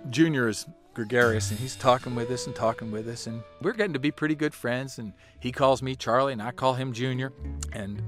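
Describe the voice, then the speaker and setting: A man telling a first-person story in an animated, wry way. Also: mid-range voice, fairly quick, music in the background.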